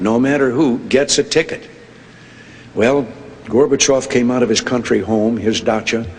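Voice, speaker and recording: An older male public speaker delivers a joke-filled speech packed with folksy anecdotes and dry humor. His voice is mid-range at a moderate pace, and the recording carries long hall reverb with faint noise.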